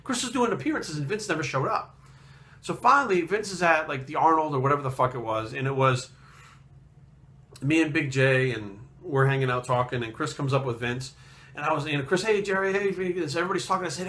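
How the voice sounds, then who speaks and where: Man, casual rant, blunt and profane, bright tense voice, fairly high pitch, heated. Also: lively intonation, brisk. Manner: blunt, profane, heated, mimics others in quotes. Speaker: fitness video host. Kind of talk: casual ranting monologue.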